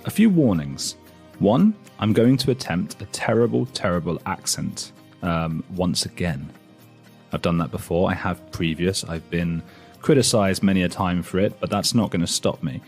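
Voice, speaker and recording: A man's voice: sits low, lively intonation, normal speed, vocal fry, a little mellow, faint music behind. A man from near London hosting a podcast, chatty and self-mocking, with frequent fillers. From England. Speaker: podcast host. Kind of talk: casual chat and spoken intro.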